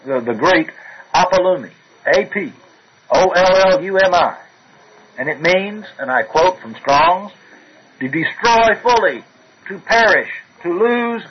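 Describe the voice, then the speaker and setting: A man's voice: fairly high pitch, slight background noise. Man preaching on a lo-fi radio recording. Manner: emphatic, rises when reading scripture aloud. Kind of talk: sermon.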